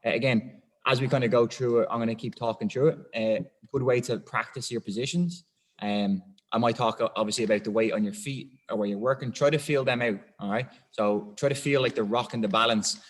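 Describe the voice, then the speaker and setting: A man's voice: medium pitch, steady tone, brisk, echoey room. A man coaching a group weightlifting class, calling out positions and counting down holds with encouragement. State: out of breath. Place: gym.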